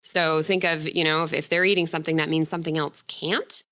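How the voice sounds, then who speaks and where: A woman talks through a news story in a loose, conversational way. Her voice is bright and forward, and she often trips over a word, corrects it and laughs it off. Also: low voice, level tone, brisk. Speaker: reporter explaining a story. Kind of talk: casual conversational explainer.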